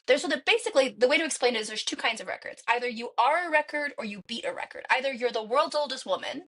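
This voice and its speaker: A woman, a podcast guest, telling a story in an animated way and acting out the quoted dialogue. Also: sits high, fast. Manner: acts out quoted dialogue with lively shifts.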